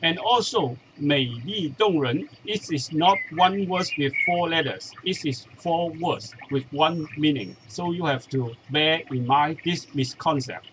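A male language teacher, a Cantonese speaker, explaining a point slowly and methodically in English, counting out examples one by one. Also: on the high side, fairly bright tone, slight background noise, poor audio. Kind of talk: explanatory lesson.

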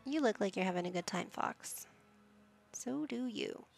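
Slow, gravelly woman narrating her game. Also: mid-range voice, lively intonation, soft background music. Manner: chatty, narrating her own game moves. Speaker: gaming YouTuber. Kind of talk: let's play commentary.

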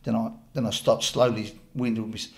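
A man, a podcast guest telling his recovery story bluntly, with lots of restarts and animated retellings. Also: fairly low pitch, fairly quick.

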